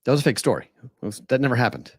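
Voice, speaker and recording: Male podcast co-host, mid pitch, dry close mic, excited restarts. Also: very fast, creaky, dry recording. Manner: animated storytelling with many restarts and laughs. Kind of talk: casual sports chat. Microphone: remote video call.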